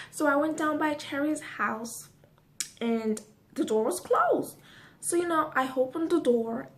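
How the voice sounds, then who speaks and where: Woman vlogger, fairly high voice, animated and profane story-time delivery, talking straight to camera.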